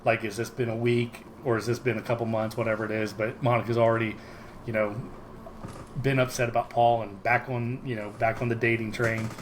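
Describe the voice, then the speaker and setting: A man's voice: medium pitch, level tone, brisk, slight background noise, poor audio. Rambling man recapping a sitcom. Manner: rambling, many ums and likes, laughs often. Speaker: podcast co-host. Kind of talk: casual chat recapping a sitcom episode.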